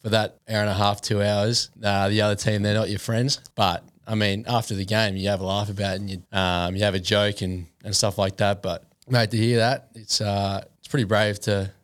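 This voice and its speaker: A young man with an Australian accent, a podcast guest answering in a calm, measured way. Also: on the low side, no echo, clean studio sound. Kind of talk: casual podcast chat.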